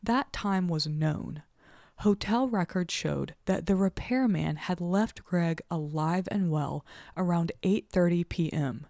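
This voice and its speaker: Low-voiced woman podcast co-host. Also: slow pace, vocal fry, dark tone, no echo, clean studio sound. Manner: chatty, frank, swears casually. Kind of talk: casual chat and reading aloud.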